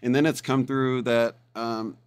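A man's voice: medium pitch, level tone, a little slow, clean tone. A man who is a guest on a podcast, explaining his ideas in a thoughtful way. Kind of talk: podcast conversation.

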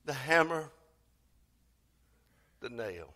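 A man's voice: mid-range voice, measured pace, pauses often, a bit bright. A man preaching an Easter sermon, with dramatic swells and phrases half sung and stretched out. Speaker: pastor. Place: church sanctuary.

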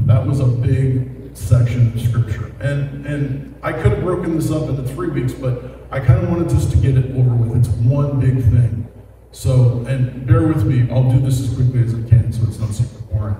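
Man preaching in an echoey hall. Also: medium pitch. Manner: casual, plain-spoken explaining. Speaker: pastor. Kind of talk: sermon. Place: large church hall. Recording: echoey hall, distant mic, ambient noise.

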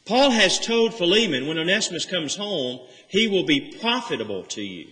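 In a church sanctuary with long reverb, a man with a high-pitched, bright, pushed voice preaches an earnest sermon at a moderate pace. Very animated, he explains a scripture passage verse by verse and presses home key phrases.

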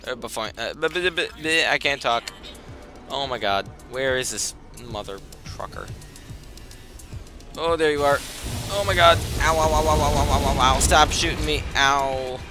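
A man giving casual let's play commentary, breaking into excited outbursts and complaints, then muttering to himself while sorting gear. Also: medium pitch, a little slow. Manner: self-talk, mutters and trails off while managing inventory. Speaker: gaming commentator. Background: game music.

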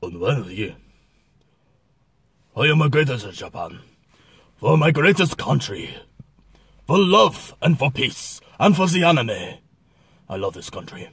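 A man putting on a proud, stiff mock-Japanese character with a husky voice. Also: mid-range voice, sing-song, unhurried, pauses often, fairly bright tone, no echo, full character voice. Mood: solemn. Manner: clipped, dramatic declarations.

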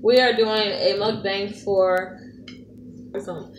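Casual woman host, echoey and distant. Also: medium pitch. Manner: relaxed, drawn-out casual talk with slang. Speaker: mukbang host. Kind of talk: casual chat while eating. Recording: echoey room, mic far off, noisy.

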